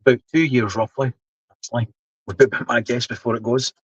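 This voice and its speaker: A man's voice: mid-range voice, fairly even intonation, a little fast, slightly rough, dry recording, highs cut off. A man in his seventies with a Scottish accent, chatting casually on a live stream, explaining things while he reads the chat. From Scotland. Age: 70s. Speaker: livestream host.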